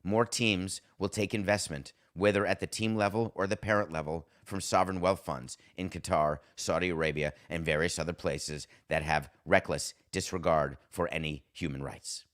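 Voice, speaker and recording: A man hosting a sports podcast, delivering a sarcastic, animated, worked-up opinion monologue. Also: low-pitched, moderate pace, hardly any pauses. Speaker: podcast host.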